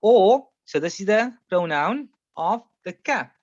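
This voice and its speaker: A man's voice: high voice, expressive, slow, dry recording. A man teaching a classroom Arabic grammar lesson, patiently explaining and repeating each example several times. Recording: muffled, slightly lo-fi sound.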